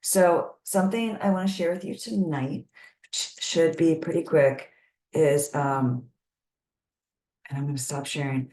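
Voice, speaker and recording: A woman with a low, deep voice leads an online parenting workshop. She talks calmly and guides each step of a sensory grounding exercise. Her computer mic picks up a roomy echo. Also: a little slow. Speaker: community health presenter.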